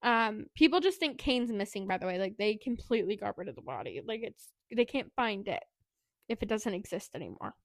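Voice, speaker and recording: This podcast co-host breezily recaps a book's plot, her chatty retelling full of "like" and "anyway." Her mid-range voice swings widely in pitch and moves fairly fast, captured in a dry, studio-quality recording.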